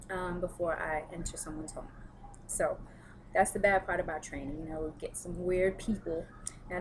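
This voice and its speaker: A woman's voice: on the low side, slight background noise, rough recording. A woman who works as a personal trainer, chatting candidly in a casual vlog as she answers viewer questions. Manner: chatty, candid, storytelling with frequent fillers.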